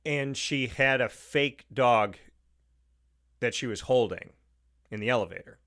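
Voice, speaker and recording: A man's voice: medium pitch, measured pace, fairly bright tone. A man hosting a talk show with an Upstate New York accent, delivering an opinionated monologue, emphatic and repeating his points. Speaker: radio show host.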